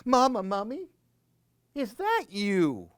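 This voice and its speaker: Storybook baby mummy boy, small and fretful, high whiny voice, done by a man. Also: wildly swooping pitch, slow pace, dry recording, studio quality, heavily acted. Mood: pleading.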